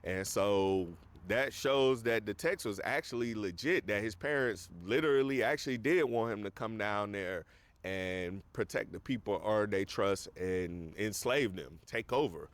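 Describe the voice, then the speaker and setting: A man's voice: lowish voice, unhurried. A man casually recapping a movie on a podcast, rambling with lots of fillers. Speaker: podcast host.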